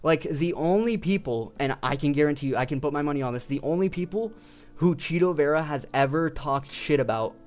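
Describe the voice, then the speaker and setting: A man's voice: a little high, fairly quick. A young man ranting casually about his favorite fighters, swearing constantly and rambling. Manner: profane, rambling, excitable. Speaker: video creator.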